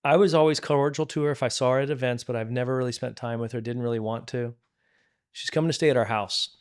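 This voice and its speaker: A man's voice: medium pitch, fairly even intonation, fast, smooth. Earnest middle-aged pastor telling his story. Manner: earnest storyteller, restarts and repeats words. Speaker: pastor and podcast guest. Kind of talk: candid testimony in conversation.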